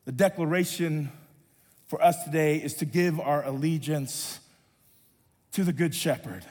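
High-voiced, husky preaching man. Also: darkish tone, big-room sound. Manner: preaching with drawn-out sung refrains. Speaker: pastor. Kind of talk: sermon.

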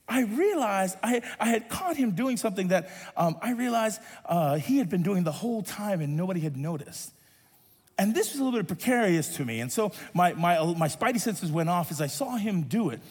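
A man's voice: high voice, a little mellow, breathy edge, long reverb tail. A male pastor preaching a sermon, stretching refrains into half-sung lines.

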